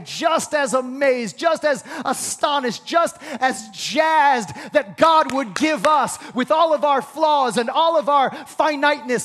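Man, pastor, sermon, high voice, emphatic, call-and-response. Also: long reverb tail. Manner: emphatic preaching, swings between hushed and shouted lines; leads the congregation in call-and-response.

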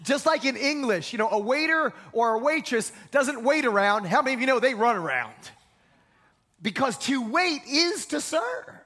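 A man's voice: very high voice, very animated, moderate pace, pushed and bright. A man preaching a sermon in a church, emphatic, repeating words and calling on the congregation to say lines with him. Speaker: pastor.

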